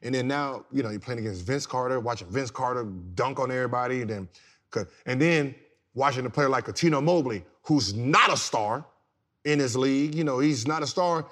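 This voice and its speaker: A man in his thirties, a former pro basketball player, telling stories on a podcast in a casual, slangy way that turns loud and laughing. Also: mid-range voice, a little fast. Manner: animated, slangy, repeats words, gets loud and laughs while telling stories. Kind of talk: casual storytelling.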